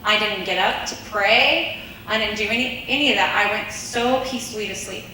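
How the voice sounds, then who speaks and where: A woman telling a personal testimony in a lively storytelling way, acting out the voices of the people in her story and laughing often. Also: mid-range voice, fairly quick, heavy reverb, far from the mic, a little hiss or hum, rough recording.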